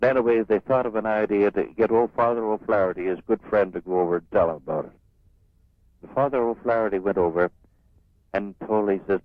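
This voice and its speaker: A man's voice: fairly low pitch, brisk, no echo. An older man, a radio guest telling a rambling joke with restarts. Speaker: interview guest. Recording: tinny phone-like radio audio.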